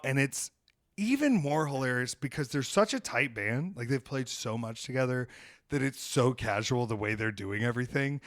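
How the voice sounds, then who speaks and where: A man hosting a podcast, telling a story in casual chat, animated and swearing freely as he acts out what people said. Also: mid-range voice, dry recording, clean studio sound. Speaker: podcast host.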